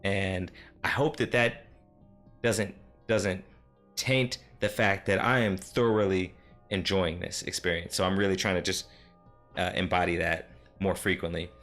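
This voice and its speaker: A man's voice: low-pitched, steady tone, unhurried, long pauses, fairly bright tone. A man who is a dungeon master, rambling casually about his last game session, full of fillers and self-deprecating asides. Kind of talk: casual solo recap talk. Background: faint synth music.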